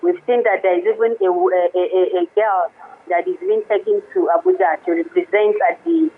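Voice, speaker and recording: Woman, phone-line sound, halting restarts, radio guest. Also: mid-range voice, lively intonation, slight background noise. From Nigeria. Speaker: guest, women's rights lawyer.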